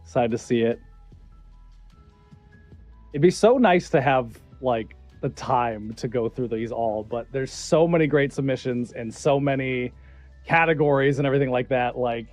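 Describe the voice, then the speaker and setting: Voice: mid-range voice, moderate pace, darkish tone, dry recording, faint music behind. A co-host on a game livestream, talking casually and enthusiastically about the entries. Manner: enthusiastic, chatty, jokey.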